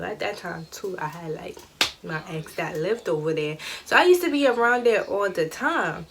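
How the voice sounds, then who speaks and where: Animated young woman telling a story. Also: fairly low pitch, normal speed, slight background noise. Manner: animated, slangy, acts out dialogue. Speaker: vlogger. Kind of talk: casual storytime.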